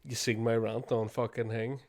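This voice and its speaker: Scottish male podcast co-host, mid pitch, ranting, swears constantly. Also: level tone, normal speed, gravelly, a little mellow. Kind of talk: casual rant.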